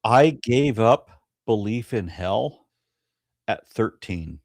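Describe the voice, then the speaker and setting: A man's voice: lowish voice, expressive, slow, dry recording, clean studio sound. A man co-hosting a live stream, talking bluntly and emphatically, with some profanity. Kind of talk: casual debate review chat.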